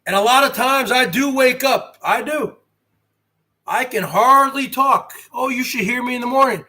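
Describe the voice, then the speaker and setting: A brash man in his forties, hosting a livestream rant, who swears and swings from a quiet voice to a shout. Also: extremely high pitch, moderate pace. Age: 40s. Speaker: host.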